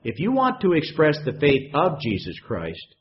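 A pastor delivers a lively, chatty sermon, his voice a little high and his speed normal. He keeps things conversational, putting questions to the congregation. The recording is muffled, with a dull lo-fi sound.

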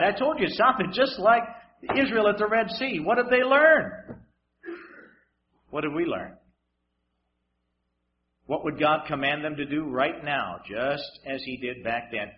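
High-voiced preacher with dramatic swings. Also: male voice, animated, measured pace, pauses often, muffled recording, a little hiss or hum. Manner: dramatic, swinging between loud emphasis and hushed asides, wry humor. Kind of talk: sermon.

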